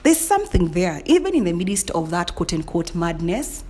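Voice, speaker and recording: A woman's voice: lowish voice, very animated, moderate pace, a little mellow. A woman hosting a solo podcast, chatting casually and playfully, often breaking into laughter and mock indignation. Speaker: podcast host.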